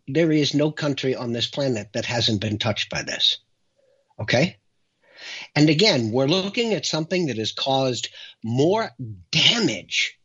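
A man's voice: medium pitch, fairly bright tone, slightly rough. A man hosting a talk show, delivering an emphatic, dramatic monologue. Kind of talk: impassioned monologue. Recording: dull lo-fi recording.

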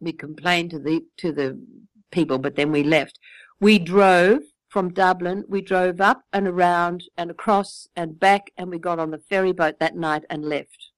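A woman's voice: lowish voice, normal speed, dry recording, low-quality recording. Older Australian woman telling tales. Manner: chatty, laughs often, animated storytelling. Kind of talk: casual chat, anecdote.

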